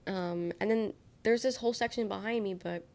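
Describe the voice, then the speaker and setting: A woman's voice: mid-range voice, normal speed, a little mellow. Sick, nasal young woman rambling. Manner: rambling, trailing off, self-correcting. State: sick, congested. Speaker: livestreamer. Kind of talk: casual chat. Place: her bedroom with bare walls.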